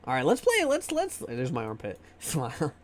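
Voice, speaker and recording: A man's voice: mid-range voice, wildly swooping pitch, normal speed, no echo. A man streaming live, chatting casually and joking with his viewers, often trailing off into repeated fillers.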